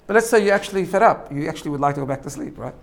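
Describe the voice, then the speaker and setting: Man teaching with a slightly high voice. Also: lively intonation, very fast, gravelly. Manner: explanatory, repeats phrases, frequent tag "right?". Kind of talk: spoken lesson on self-growth.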